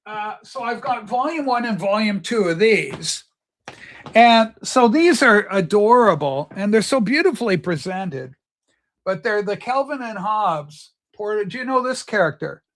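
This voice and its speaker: A man with a notably high-pitched voice chats on a livestream. He tells stories with eager, rambling enthusiasm, talking straight to his viewers. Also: lively intonation, measured pace, fairly bright tone. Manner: chatty, enthusiastic storyteller. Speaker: livestream host. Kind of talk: casual chat.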